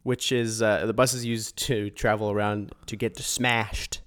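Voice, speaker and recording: A man's voice: lowish voice, flat delivery, a little slow, fairly bright tone, clean tone. Laughing, self-deprecating Canadian man. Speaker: podcast co-host. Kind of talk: casual chat.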